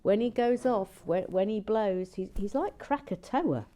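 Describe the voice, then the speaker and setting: A woman hosting a relaxed building vlog, chatty and playful, drifting into soft whispered asides. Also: mid-range voice, a little slow. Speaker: host of a brick-building channel.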